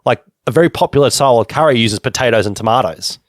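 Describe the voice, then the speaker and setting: A man's voice: mid-range voice, animated, fast talker, no room sound, studio quality. A man hosting an interview podcast, chatty and jokey, wandering off on tangents. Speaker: podcast host. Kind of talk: casual interview chat.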